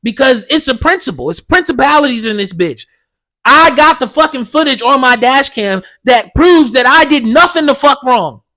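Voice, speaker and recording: A man's voice: extremely high pitch, animated, moderate pace, pushed and bright. A young man ranting profanely as a solo podcast host.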